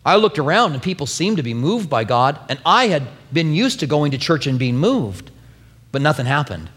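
A male pastor preaching a sermon, telling a personal story with lively, acted-out quotes. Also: on the high side, moderate pace, husky, in a large hall. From New Mexico.

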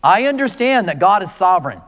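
A male pastor preaching a conversational, animated sermon to his congregation. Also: sits high, brisk, in a large hall.

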